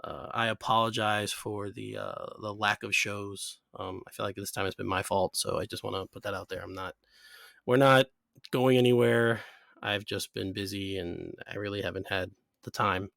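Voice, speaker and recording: A man's voice: fairly low pitch, steady tone, moderate pace, gravelly, fairly bright tone, dry recording, studio quality. A man co-hosting a casual podcast, laid-back and rambling, laughing often. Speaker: podcast co-host.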